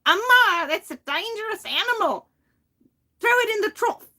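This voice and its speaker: Woman doing a shrill Cockney comedy mum. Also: animated, normal speed, sharp tone, heavily acted. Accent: put-on London Cockney.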